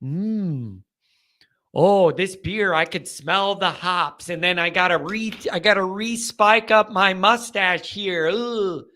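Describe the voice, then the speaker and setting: A man voicing a snobbish young male hipster savoring beer in a smug, drawn-out way. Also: high voice, bright, forceful tone, full character voice.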